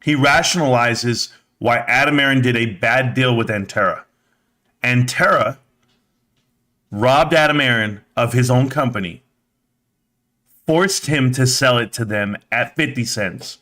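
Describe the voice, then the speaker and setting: A man's voice: mid-range voice, a little slow, bright, forceful tone. A man hosting a live stream, giving blunt, mocking, profane reaction commentary.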